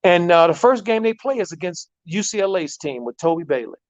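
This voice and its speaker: Male coach, lively storyteller, fairly high voice, dull lo-fi audio. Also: fairly quick. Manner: animated storyteller, repeats words, many fillers. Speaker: basketball coach. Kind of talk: storytelling in a talk show. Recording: dull lo-fi sound.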